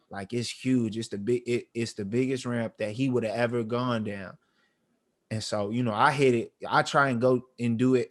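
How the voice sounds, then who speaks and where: A man in his thirties, co-hosting a podcast, telling a heartfelt family story in a slangy, emotional way full of fillers. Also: mid-range voice. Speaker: podcast co-host. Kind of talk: casual storytelling chat.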